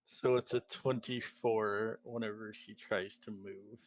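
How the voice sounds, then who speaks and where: A man playing a tabletop game, talking in a relaxed, hesitant way. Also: fairly low pitch, unhurried, highs cut off. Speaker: player.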